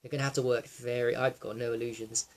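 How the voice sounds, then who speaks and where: A young man in a raw personal monologue, reflective and halting, with many fillers and restarts, sometimes close to tears. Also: medium pitch, little pitch movement. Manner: emotional, close to tears at times. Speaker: wellness vlogger.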